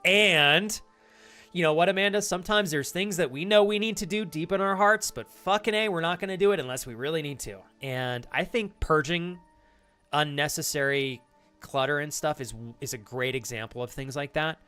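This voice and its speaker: A man streaming live, chatting casually with his viewers and reacting to their messages, animated and hyped, with casual swearing. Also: fairly high pitch, normal speed, smooth, soft background music. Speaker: streamer reading chat.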